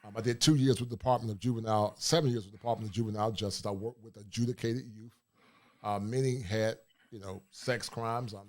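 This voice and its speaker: A man hosting a casual livestream, talking bluntly in a preachy, streetwise way. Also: mid-range voice. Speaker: livestream host.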